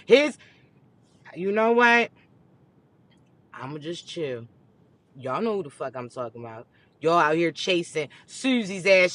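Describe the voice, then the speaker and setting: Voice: sits high, bright, forceful tone, no echo. A host of a spiritual reading channel delivering a profane, comedic rant to viewers, blunt and scolding, with teasing, mock-dramatic asides. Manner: blunt, scolding, heavy cursing.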